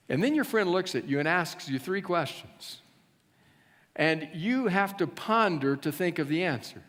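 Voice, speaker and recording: A male pastor preaching a storytelling sermon, speaking to listeners as you and slowing down for emphasis. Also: sits high, lively intonation, a bit bright. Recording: long church reverb.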